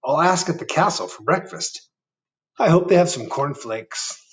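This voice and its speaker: A man's voice: fairly high pitch, expressive, normal speed, voice pushed up. A man voicing a curious, brave young boy in a picture book read aloud, with a wondering, eager tone.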